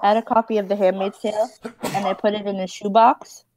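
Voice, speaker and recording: A woman's voice: medium pitch, flat delivery, quick pace, a crowd in the background, rough recording. A woman co-hosting a casual podcast chat, laughing often as she tells stories. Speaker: podcast co-host.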